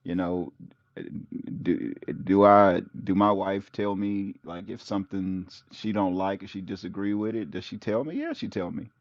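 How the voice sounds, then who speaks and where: A man's voice: low-pitched, normal speed, dry recording, dull audio. A man as host giving casual, rambling relationship advice, with "you know" in nearly every thought.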